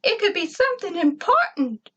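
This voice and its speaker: A woman voicing an overexcited little male robot servant with a squealing high voice. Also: sing-song, normal speed, fairly bright tone, lo-fi sound, full character voice. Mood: excited.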